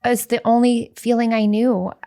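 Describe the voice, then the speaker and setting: A woman's voice: on the high side, little pitch movement, moderate pace, dark tone, clean tone. A woman podcast co-host talking casually, sharing personal experience in a candid, earnest way.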